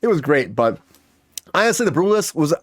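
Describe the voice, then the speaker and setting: A man's voice: a little high, big pitch swings, fairly quick, no room sound, clean studio sound. A man hosting a casual entertainment news chat, rambling with lots of fillers and restarts. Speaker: host.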